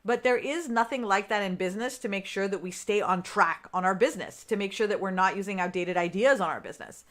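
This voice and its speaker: A woman's voice: medium pitch, fast. Chatty woman coach talking to viewers. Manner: chatty, keeps asking "right?"; talks straight to her viewers. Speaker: business coach. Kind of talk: live-streamed podcast chat.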